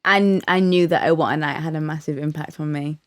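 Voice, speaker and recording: Low-voiced woman, playful guest, dry sound. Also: steady tone, fast. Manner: playful, chimes in and echoes the host. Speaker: guest, singer. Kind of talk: casual chat. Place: studio couch.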